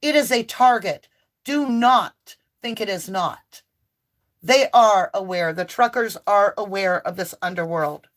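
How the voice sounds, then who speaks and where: In a mid-range voice and at a measured pace, a woman gives a spiritual tarot reading monologue, preaching passionately and making emphatic pronouncements.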